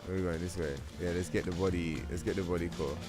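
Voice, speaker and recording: A young man with a low voice talks fast and steadily while hosting a gaming livestream, with game music playing behind him. His chat is casual, rambling and profane, packed with fillers.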